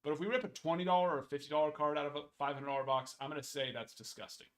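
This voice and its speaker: A man's voice: fairly high pitch, very fast. A man hosting a card break stream, rambling casually with jokey mock outrage. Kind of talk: casual live-stream chat.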